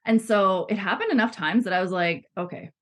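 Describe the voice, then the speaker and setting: A woman's voice: mid-range voice, a little fast, fairly bright tone. A woman in her thirties talking casually as a podcast guest, chatty, with frequent laughs and fillers. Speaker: guest, body psychotherapy student.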